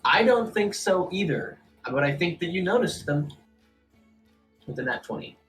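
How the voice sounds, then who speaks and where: A man running a tabletop game as game master, narrating casually with many pauses and fillers. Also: sits high, expressive, a bit bright, soft background music, rough recording.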